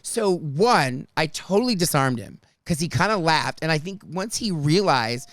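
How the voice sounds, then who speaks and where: A man hosting a podcast, telling a story in casual chat, unfiltered and self-mocking, acting out quotes in a high voice. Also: normal speed, no room sound. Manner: animated, acts out quotes in a high voice. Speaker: podcast host.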